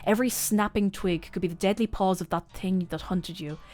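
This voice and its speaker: Expressive young woman streamer reading a story game. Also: medium pitch, a little fast. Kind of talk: reading game narration aloud.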